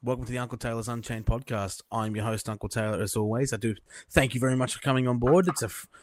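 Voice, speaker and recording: Young Aussie podcast host, crude and blunt, dry close mic. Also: male voice, medium pitch, steady tone, quick pace, a little mellow, no room sound. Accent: Australian. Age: young adult. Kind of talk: casual podcast chat.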